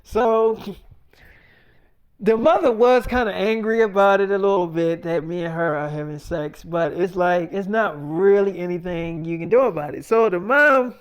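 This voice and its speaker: High-pitched guy, loose improvised storytelling, lots of fillers. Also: normal speed, clear, resonant tone. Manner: casual, rambling, fillers.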